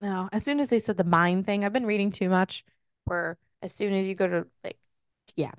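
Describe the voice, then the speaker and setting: A woman co-hosting a casual podcast, recapping a book in an exasperated, swearing, animated way and voicing the characters' lines. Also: medium pitch, normal speed, clean tone, no echo, clean studio sound. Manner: swearing, exasperated, animated retelling with voiced quotes. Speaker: podcast co-host.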